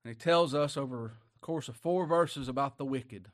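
A man preaching a sermon in a folksy, emotional way, dropping quiet and then rising loud. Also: mid-range voice, normal speed.

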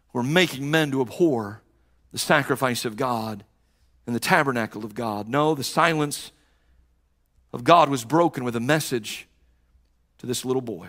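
A man preaching a sermon, telling a Bible story dramatically and acting out the characters, swinging from loud to hushed with repeated words and restarts. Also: on the high side.

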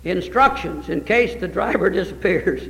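Male pastor, high voice, folksy animated sermon delivery; reverberant church hall. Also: moderate pace, vocal fry.

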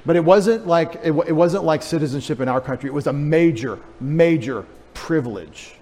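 A man's voice: fairly high pitch, animated, moderate pace, a little mellow, long reverb tail. A male pastor teaching a sermon in a casual, joking way, spelling out Greek words for the congregation. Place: church sanctuary.

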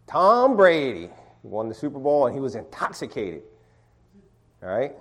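Leading a casual Bible study and sermon, this middle-aged man speaks at medium pitch. He has listeners read verses aloud, and his speech is full of restarts.

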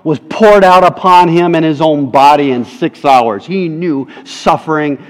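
Slow, emphatic preacher in a reverberant hall. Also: male voice, fairly high pitch. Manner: emphatic, rhetorical questions to the congregation. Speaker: pastor. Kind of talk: sermon.

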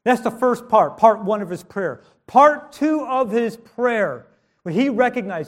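High-voiced man preaching emphatically. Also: lively intonation, measured pace. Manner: emphatic preaching, voice rising and dropping for stress. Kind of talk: sermon.

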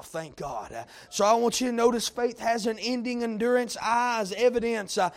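A male preacher delivering a sermon, full of "uh" fillers and building to shouted points. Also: extremely high pitch, expressive, moderate pace. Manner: heavy "uh" fillers, rising to shouts.

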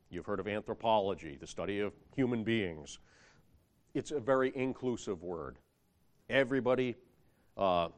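A man preaching a sermon, reading scripture aloud and building emphasis as he explains a Bible passage. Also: fairly low pitch.

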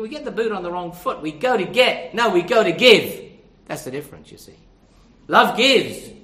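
A man's voice: high-pitched, fairly bright tone, roomy sound. A man preaching a sermon, earnest and direct, asking his listeners rhetorical questions.

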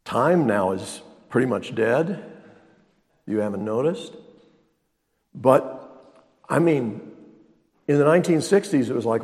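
Older male pastor, emphatic sermon delivery with loud-to-quiet swings; long church reverb. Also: medium pitch, animated, takes it slowly, long pauses. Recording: long reverb of a large hall.

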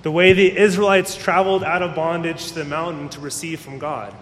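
A pastor delivers a sermon in a brisk, slightly bright voice with fairly even intonation, speaking casually and acting out the people he quotes. The recording is in an echoey hall with a faint rumble underneath.

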